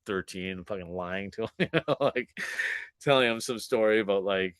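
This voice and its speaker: A man's voice: fairly low pitch, normal speed, clear, resonant tone, no echo. A man in his forties, a podcast guest telling a story in casual chat, swearing freely, laughing often and acting out what people said. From Canada. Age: 40s.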